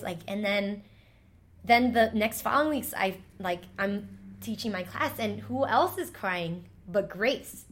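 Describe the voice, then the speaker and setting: A woman's voice: medium pitch, measured pace, a bit bright. A woman, a former teacher, telling a heartfelt personal story in an interview, emotional and full of "like" fillers.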